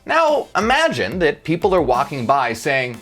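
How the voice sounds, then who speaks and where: Slow, emphatic woman with lively pitch. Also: faint music behind. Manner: emphatic and blunt, with swearing. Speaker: channel host. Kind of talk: persuasive monologue to camera.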